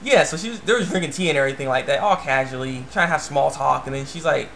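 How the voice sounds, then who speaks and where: A man's voice: mid-range voice, quick pace, creaky, a bit bright, a little hiss or hum. A young man casually recapping an anime episode, rambling with lots of fillers and "he's like". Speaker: anime reviewer.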